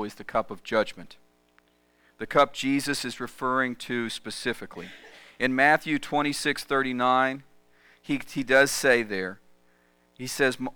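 A middle-aged man delivers a sermon in a chatty, storytelling way. His voice is bright and smooth, recorded close and dry with no room sound. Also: mid-range voice, no echo. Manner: conversational, lively storytelling. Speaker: pastor. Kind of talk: sermon with personal stories.

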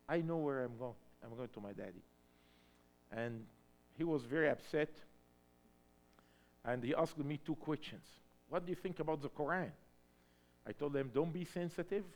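A man from Egypt preaching a sermon testimony in English, swinging between hushed lines and loud emphatic shouts. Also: fairly high pitch, moderate pace, pauses often.

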